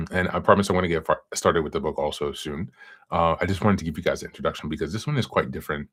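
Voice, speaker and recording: A man hosts a self-help podcast, rambling casually with lots of fillers, asides and "you know," then reads from a book, hiccuping along the way. His voice is low-pitched, fairly bright and breathy-edged, and he talks fast.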